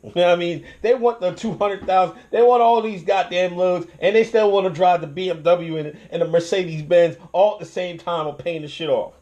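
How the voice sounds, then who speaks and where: A man's voice: sits high, brisk, hardly any pauses, highs cut off. A young man hosting his own channel, ranting in casual commentary with lots of swearing and restarts. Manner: profane, animated ranting with restarts and laughs.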